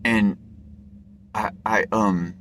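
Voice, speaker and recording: A man's voice: on the low side, fairly even intonation, very slow, fairly bright tone, slight background noise. A man telling a personal story to camera in an earnest, rambling way, often stumbling and repeating his words. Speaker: vlogger.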